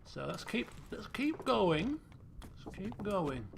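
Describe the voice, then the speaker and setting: A let's play streamer works through a detective game, musing aloud and quizzing himself as he fits the clues together. His high, gravelly voice moves slowly in a sing-song way over game music and a noisy background.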